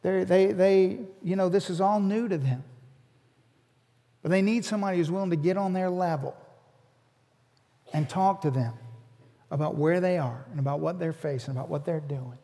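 A man's voice: high-pitched, normal speed, long pauses, warm tone. A man preaching a sermon as a pastor, earnest and repeating his words as he builds each point. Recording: long hall reverb.

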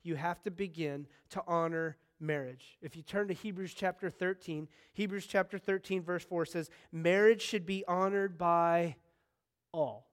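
A man in his thirties preaching a sermon as pastor, talking in a conversational way and telling stories with sudden bursts of excitement. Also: sits high, a little slow, clear, resonant tone.

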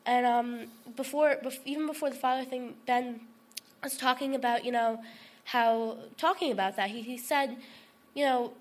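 A woman's voice: fairly high pitch, steady tone, moderate pace. A woman giving a heartfelt personal testimony to a group, rambling with lots of fillers and restarts. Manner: earnest and emotional. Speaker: testimony speaker.

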